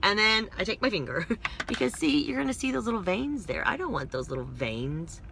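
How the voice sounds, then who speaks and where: A woman's voice: medium pitch, big pitch swings, fairly quick, creaky, sharp tone, slight background noise. A woman casually rambling through a makeup tutorial from inside a parked car, talking to her phone camera with self-deprecating asides. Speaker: vlogger doing a makeup tutorial.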